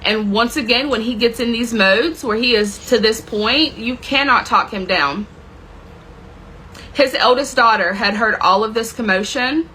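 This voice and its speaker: Bright, intense woman telling her story. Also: on the high side, a little slow, a little hiss or hum, rough recording. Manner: intense, swearing, dramatic retelling. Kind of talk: personal story told to camera.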